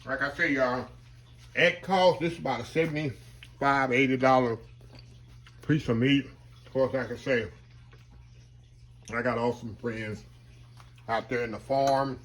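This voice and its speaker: A man's voice: medium pitch, steady tone, a little slow, long pauses, fairly bright tone. A man hosting his home cooking vlog, chatting folksy and humming as he tastes the food. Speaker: cooking channel host.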